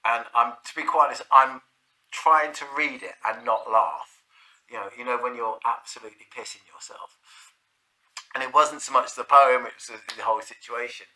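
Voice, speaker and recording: A man's voice: mid-range voice, moderate pace, bright, forceful tone, rough recording. A man telling a casual anecdote, rambling with fillers and chuckling.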